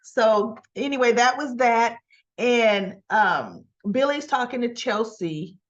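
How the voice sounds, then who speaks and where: A woman's voice: on the high side, expressive, slow, lo-fi sound. A woman in a casual, chatty recap vlog, retelling scenes and paraphrasing the dialogue. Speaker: soap opera recap vlogger.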